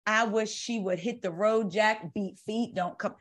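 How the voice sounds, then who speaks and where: A woman's voice: medium pitch, unhurried. Sassy woman dishing reality TV. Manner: sassy, animated, blunt opinions. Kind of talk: casual reality-TV recap chat. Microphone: video call.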